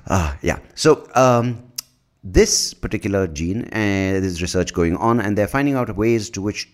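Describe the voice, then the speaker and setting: A man's voice: on the low side, expressive, a little slow. A man hosting his own podcast in a casual, rambling monologue, self-mocking, swearing freely and tripping over his words. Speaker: podcast host.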